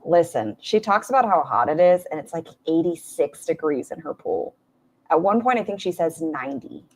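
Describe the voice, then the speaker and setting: A woman talks over clips in a lowish voice, blunt and mocking. Her commentary is casual and full of swearing and sarcastic asides. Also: animated, moderate pace. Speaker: commentary streamer reacting to clips.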